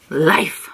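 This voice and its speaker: Young woman vlogger, bright tone, chatty and playful, casual talk to camera. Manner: chatty, animated, playful asides. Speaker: beauty vlogger.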